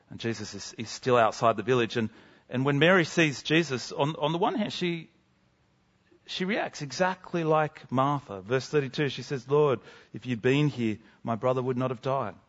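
Guy preaching a sermon, earnest and emphatic, goes quiet for drama, kinda dull lo-fi audio. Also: on the high side.

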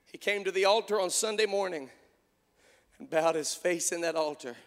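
Shouting preacher in an echoey church. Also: male voice, high-pitched, normal speed. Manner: swings from quiet storytelling to shouted preaching. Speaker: pastor. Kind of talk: sermon.

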